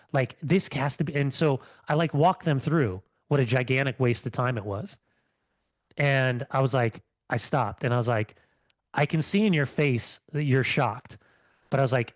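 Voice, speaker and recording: A man's voice: medium pitch, normal speed, dry recording. A middle-aged man, a former athlete co-hosting a podcast, talking in a fired-up way with many restarts. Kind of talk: casual podcast chat.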